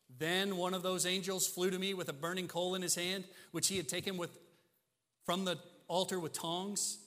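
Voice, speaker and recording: A male pastor preaching with a bright, forceful voice set a little high. He leans on rhetorical questions and swings from ringing emphasis to hushed asides. A long reverb trails each phrase in a big church hall. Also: little pitch movement, normal speed. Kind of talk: sermon.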